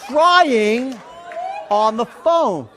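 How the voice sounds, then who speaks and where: A man telling a story in a seminar talk, animated and profane, often shouting as he acts out the scene. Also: extremely high pitch, drawn-out words, a crowd in the background, noisy background. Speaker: sales trainer.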